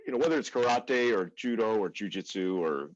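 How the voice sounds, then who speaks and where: A man co-hosting a martial arts talk show over a video call, measured as he sets up a topic. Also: on the low side, animated, no room sound. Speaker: podcast co-host. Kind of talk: casual chat. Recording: dull lo-fi dry sound.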